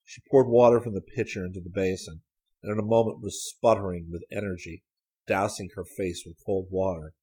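A man reading a story aloud as an audiobook narrator, in a measured, even storytelling manner. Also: low voice, husky. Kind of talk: scripted narration.

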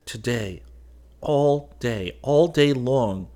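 A man voicing an earnest, lovestruck young man in an audiobook, pleading in a low voice. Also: extremely slow, dark tone. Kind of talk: audiobook character voice.

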